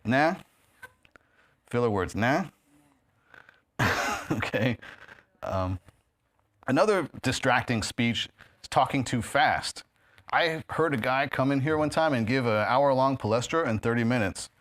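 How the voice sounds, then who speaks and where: A man's voice: medium pitch, normal speed, a bit bright. A man from New York with a New York accent, giving a casual talk to a live audience at a meeting hall, chatty and full of fillers. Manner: chatty, many fillers, laughs at own jokes. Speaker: guest speaker. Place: meeting hall of a spiritist center. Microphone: handheld or stand microphone.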